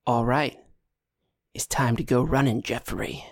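A man hosting a casual podcast and running a tabletop game, playful and chatty and quick to laugh. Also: medium pitch, fairly even intonation, creaky. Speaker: podcast host and game master. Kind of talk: casual chat.

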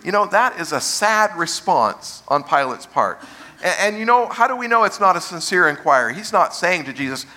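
Pastor, male, preaching a sermon; brightish, somewhat high voice that slows to stress key phrases. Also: big pitch swings.

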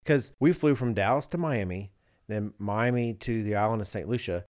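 Lower-voiced man telling a story. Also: normal speed, no echo, studio quality. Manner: animated storyteller, does voices of people in the story. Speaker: podcast co-host. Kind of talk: casual storytelling chat.

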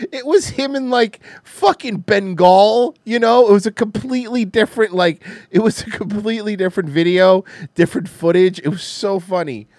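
A man's voice: sits high, moderate pace, few pauses, a little mellow, no room sound, studio quality. A man co-hosting a podcast in casual chat, rambling, swearing freely and laughing often. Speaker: podcast co-host.

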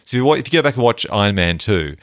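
Deep-voiced man, dry close sound. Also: rapid-fire, clean tone, no room sound. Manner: relaxed, conversational, hands out mock awards. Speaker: podcast co-host. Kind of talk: casual film-review chat.

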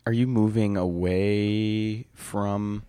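A man's voice: lowish voice, steady tone, slow pace, warm tone, clean tone, no echo. A man hosting a casual interview in an artist studio, earnest and affectionate. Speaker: podcast host.

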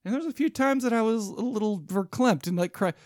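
Guy on a podcast, kinda high voice, rambly storytelling, dry close mic. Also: fairly quick, a little mellow, no room sound. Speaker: podcast co-host. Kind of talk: casual podcast banter.

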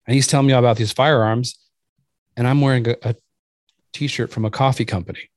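A man in casual podcast chat, telling an animated anecdote and acting out the people in it. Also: medium pitch, brisk, dry recording, studio quality. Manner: animated anecdote-telling, acts out quoted voices.

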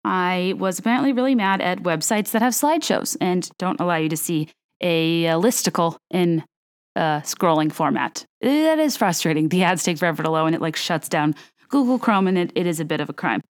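A young woman hosting a podcast, chatting in a casual, animated rant full of fillers and self-corrections. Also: fairly low pitch, fairly quick, clear, resonant tone. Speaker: podcast host.

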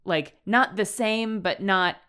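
A woman's voice: mid-range voice, takes it slowly, pushed and bright, clear, resonant tone. A woman co-hosting a podcast, chatting casually about a horror novel with dry asides and laughter. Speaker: podcast co-host. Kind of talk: casual book discussion.

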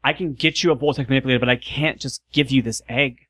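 A man's voice: medium pitch, steady tone, fast talker, fairly bright tone, no room sound, studio quality, natural voice. A man playing the Doctor, a stubborn ancient time traveller who firmly refuses a demand, in his own voice. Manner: firm, insistent refusal.

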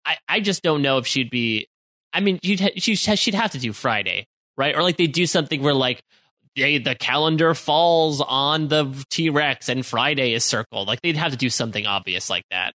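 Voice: mid-range voice, lively intonation, moderate pace, sharp tone, no echo. A podcast co-host musing at length, circling thoughts with lots of fillers. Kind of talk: casual chat.

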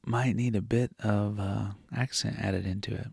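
A man's voice: on the low side, steady tone, normal speed, gravelly, a little mellow, husky, no room sound, clean studio sound. A man co-hosting a podcast, chatting casually and jokingly about a road trip with his partner. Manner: rambling, jokey, talks over partner. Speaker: podcast co-host. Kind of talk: casual chat.

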